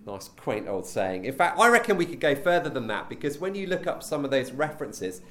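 Lively, chatty male preacher. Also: medium pitch, fairly quick, few pauses. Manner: conversational, with frequent ums and rhetorical questions. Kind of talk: teaching session with a group.

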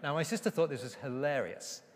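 A man preaching a sermon with emphasis, slowing down to read scripture aloud. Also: fairly high pitch. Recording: reverberant hall.

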